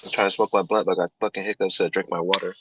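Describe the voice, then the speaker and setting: Relaxed male panel guest on a dull lo-fi line with faint hiss; casual and profane. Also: low-pitched, rapid-fire. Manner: laid-back, drawling, says bro and you know. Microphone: streaming call. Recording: dull lo-fi call audio, faint noise.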